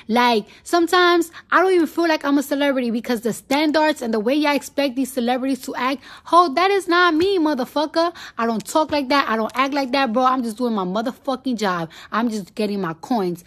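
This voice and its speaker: A woman's voice: high voice, fairly quick, hardly any pauses, fairly bright tone. A woman, delivering a heated, profane and blunt unscripted rant straight to her followers. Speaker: celebrity rapper ranting to fans.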